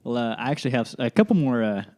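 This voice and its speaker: A man's voice: medium pitch, expressive, racing, a little mellow. Dry-witted young man co-hosting. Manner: dry teasing remarks, short backchannels. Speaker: podcast co-host. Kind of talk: casual chat.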